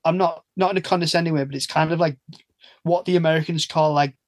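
A British man chatting loosely as a podcast guest. His voice sits a little higher than most men's and is recorded dry and close. He trails off and restarts his sentences, laughing between thoughts. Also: steady tone, fast talker, dry recording. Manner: rambling, self-interrupting, laughs often. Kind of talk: casual chat.

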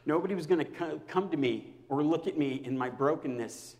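A man preaching a personal sermon to his congregation as their pastor, swinging between loud outbursts and near-whispers. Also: on the high side, fairly quick, in a large hall.

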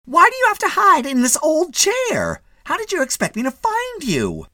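A man doing a shrill, scolding wife. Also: huge pitch swings, normal speed, bright, forceful tone, no echo, studio quality, heavily acted. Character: nagging fussy middle-aged wife.

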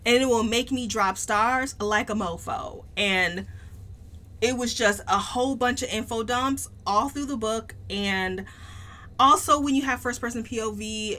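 A woman's voice: on the high side, sharp tone. A woman co-hosting a book podcast, giving a blunt, emphatic review in casual chat. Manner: blunt, emphatic, swears freely.

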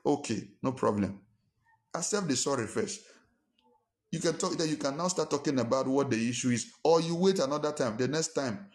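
A man's voice: mid-range voice, brisk, a little mellow. Emphatic male preacher. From Nigeria. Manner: emphatic, fires rhetorical questions, acts out quarrels in a raised voice. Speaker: pastor. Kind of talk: sermon.

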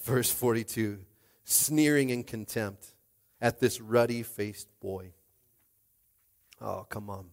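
A man preaching a rousing sermon, swinging from hushed asides to shouted climaxes. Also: medium pitch, fairly even intonation, slow pace. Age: adult with a young child. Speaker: pastor.

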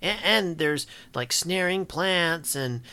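A man's voice: a little high, animated, takes it slowly, sharp tone, smooth. A man playing in a tabletop game, musing hesitantly about ideas. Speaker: player.

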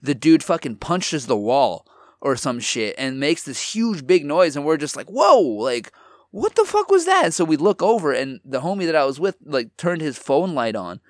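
A man's voice: a little high, expressive, normal speed, dry recording, studio quality. Slangy, swearing young man telling a story. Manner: loose, profanity-heavy, full of "like" fillers. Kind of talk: casual storytelling chat.

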